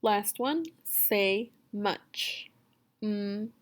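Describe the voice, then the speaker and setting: A woman teaching a phonics lesson for young children, sounding out words slowly and deliberately. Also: medium pitch. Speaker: second grade teacher.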